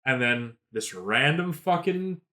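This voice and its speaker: A tipsy man co-hosting a podcast, giving a sarcastic, swear-filled film review and mocking the characters in quick put-on voices. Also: mid-range voice, expressive, bright, forceful tone. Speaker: podcast co-host. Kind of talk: casual film review chat.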